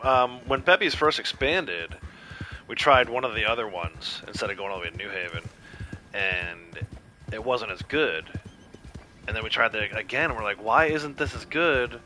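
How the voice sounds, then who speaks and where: Laid-back man with a bright voice. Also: fairly low pitch. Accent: Connecticut. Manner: laid-back, rambling, chuckling. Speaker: streamer. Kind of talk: casual chat while streaming gameplay.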